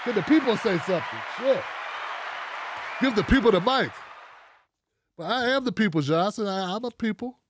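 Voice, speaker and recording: A man's voice: high-pitched, moderate pace, long pauses, breathy edge, no echo, a faint crowd. A man hosting his own commentary show, talking bluntly and casually with plenty of profanity before taking phone calls. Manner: blunt, profane and animated, talking straight at the audience. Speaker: show host.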